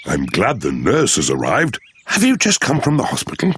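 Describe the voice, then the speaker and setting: A man's voice: fairly low pitch, wildly swooping pitch, normal speed, slight background noise. A man voicing a jolly, good-natured father pig in a children's cartoon, cheerful and chuckling.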